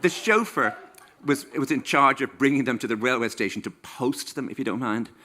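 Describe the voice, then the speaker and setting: Irish guy in his 60s, bright forceful voice, wry and playful, tells funny stories onstage. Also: mid-range voice, lively intonation, moderate pace, a little hiss or hum. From Ireland. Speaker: author giving a stage talk. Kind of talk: comic storytelling to a live audience. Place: stage in a small venue.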